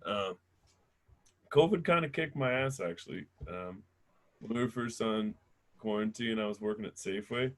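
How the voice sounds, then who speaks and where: A man's voice: lowish voice, moderate pace, long pauses. A man doing a stand-up comedy set, brash and profane, laughing at his own jokes.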